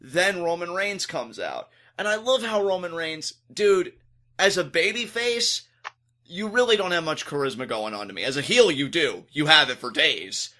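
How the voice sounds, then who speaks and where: Bright-voiced animated man reviewing wrestling. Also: on the high side, moderate pace. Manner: animated, acts out quotes in exaggerated voices. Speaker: podcast co-host. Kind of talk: casual wrestling review chat.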